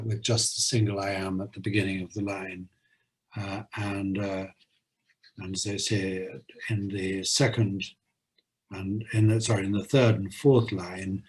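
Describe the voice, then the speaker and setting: A university lecturer, a man, talks through poetry in a slow, unhurried way with frequent hesitations. His voice sits a little low and has a breathy, husky grain. He reads verse lines in a measured rhythm. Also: rough recording. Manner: hesitant, many filler pauses.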